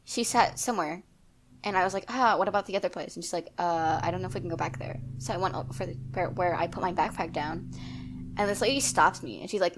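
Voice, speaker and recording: A teenage girl in a casual podcast chat, telling a school story with hesitant, trailing pauses. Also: on the low side, slight background noise. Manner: hesitant, trails off, thinks aloud. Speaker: podcast co-host.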